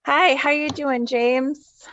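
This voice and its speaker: A woman's voice: high voice, steady tone, slow pace, fairly bright tone, dull audio. A woman hosting a podcast in a casual, rambling way, with a slight lisp. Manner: chatty, rambling with restarts and small laughs. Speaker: podcast host.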